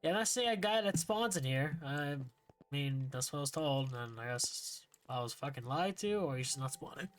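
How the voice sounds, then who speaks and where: A man's voice: a little high, animated, normal speed. A young man streaming a game, chatting casually, rambling and swearing often as he gets frustrated. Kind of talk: casual gaming livestream chat.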